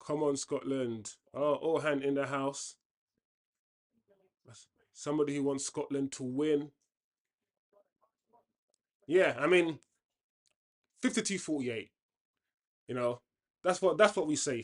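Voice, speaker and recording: A man hosts a football watchalong and chats casually about the match. He is opinionated and restarts his sentences often. His voice sits at an everyday middle pitch. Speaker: watchalong host.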